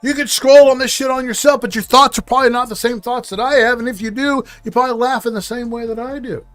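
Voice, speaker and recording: Sarcastic high-voiced man hosting commentary. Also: fairly even intonation, fast, fairly bright tone, faint music behind. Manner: sarcastic, mocking, profane. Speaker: commentary show host. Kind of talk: reaction commentary.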